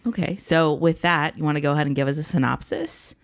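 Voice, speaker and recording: Gravelly-voiced podcast co-host. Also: mid-range voice, a little fast. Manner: teasing, asks the questions. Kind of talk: casual chat.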